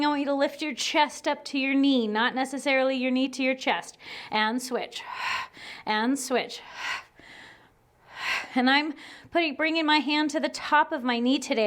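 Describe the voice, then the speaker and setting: High-voiced woman cueing a Pilates workout. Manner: encouraging, cueing moves while exercising along. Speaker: Pilates instructor. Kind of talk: guided workout instruction.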